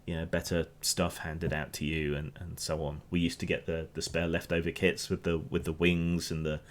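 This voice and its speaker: Host: Hampshire man, very low voice, loose rambling news commentary, lots of restarts. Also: flat delivery, normal speed. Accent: Hampshire English. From England. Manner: rambling, restarts often, opinionated.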